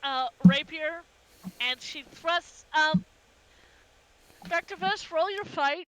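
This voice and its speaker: A woman's voice: high voice, slow pace. A woman narrating as game master in a tabletop game, describing the scene with frequent restarts. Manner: hesitant, restarts often while describing.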